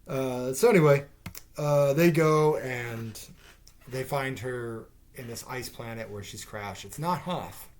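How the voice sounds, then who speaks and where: Speaking slowly in a mid-range voice, a TV reviewer talks through an episode in a loose, sarcastic ramble full of fillers and swearing.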